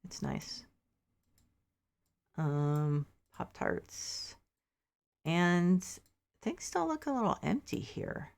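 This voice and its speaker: A woman streamer with a low, gravelly voice chats casually with her viewers as she plays. She thinks aloud and drops mildly exasperated asides. She sounds a little sleepy. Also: very animated, extremely slow, long pauses. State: sleepy, yawning. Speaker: game streamer. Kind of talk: casual gameplay commentary.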